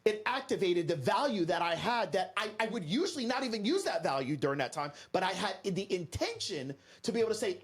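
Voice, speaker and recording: A man from Florida, a podcast guest, telling a story in an energetic, emphatic way and talking straight to the listeners. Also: high voice, a little fast, few pauses, slightly rough. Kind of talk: animated storytelling to an audience.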